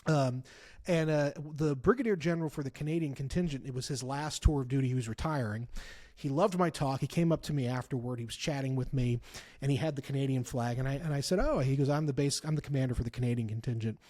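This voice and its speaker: A man talking politics as a guest in a casual conversation, telling stories with emphatic repeats and bursts of loud laughter. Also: mid-range voice, fast. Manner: animated storyteller, laughs loudly, repeats for emphasis. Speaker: author and guest.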